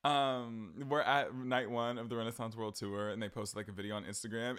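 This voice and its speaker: A man's voice: mid-range voice, brisk, few pauses, fairly bright tone, a little hiss or hum. A man hosting a casual pop culture podcast, gushing and rambling, swearing freely as he talks. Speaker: podcast host.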